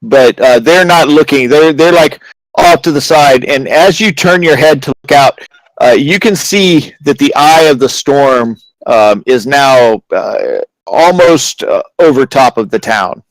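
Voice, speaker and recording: A man narrating a tabletop game as game master, halting and dramatic with many restarts. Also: mid-range voice, no room sound, low-quality recording.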